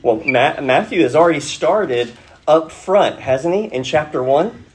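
A man's voice: fairly high pitch, expressive, a little slow, a little hiss or hum. A man preaching a verse-by-verse sermon in a teacherly way, checking in with his listeners through rhetorical questions. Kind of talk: expository sermon.

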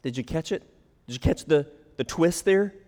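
A man's voice: fairly high pitch, lively intonation, normal speed, dark tone. A man preaching a sermon, acting out quoted lines in a raised voice. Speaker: pastor. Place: church sanctuary. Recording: long hall reverb.

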